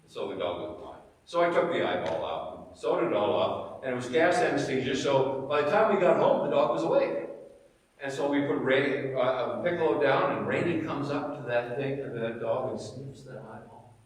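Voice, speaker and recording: A middle-aged man teaching Sunday school, his pitch swinging up and down as he tells stories and quizzes the class. He sounds distant, in a very echoey hall with a long reverb. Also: moderate pace. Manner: animated storytelling, asks the class questions. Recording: echoey church hall, mic far away.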